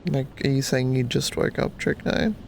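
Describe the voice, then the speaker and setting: Just woken up, a male livestreamer drawls casually to his chat in a groggy, gravelly morning voice with a blocked nose, breaking into giggles and squeaky cheers. His tone is level and his pace normal, with slight background noise.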